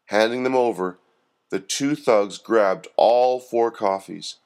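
A man hosting and narrating a Christian parable story with expressive delivery. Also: lowish voice, takes it slowly. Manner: expressive narration with lively intonation. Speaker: storyteller host.

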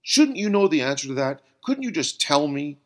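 A man's voice: medium pitch, expressive, moderate pace, vocal fry, darkish tone, voice pushed up. A man voicing a frustrated, weary male pastor who talks defensively and questions everything. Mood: exasperated.

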